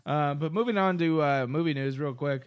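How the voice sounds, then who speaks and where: A man's voice: on the high side, a little fast, clear, resonant tone. Tipsy young man bantering on a podcast. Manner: loose, swearing, laughing, tipsy. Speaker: podcast co-host. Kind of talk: casual drinking-podcast banter.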